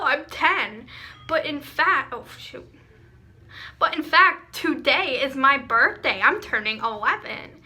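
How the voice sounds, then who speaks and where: A woman's voice: sits high, pushed and bright. A teenage girl from Pennsylvania reading her old fan fiction aloud, giggling and mocking it with lots of "like" and "um". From Pennsylvania, USA. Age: teens. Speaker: vlogger. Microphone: phone camera.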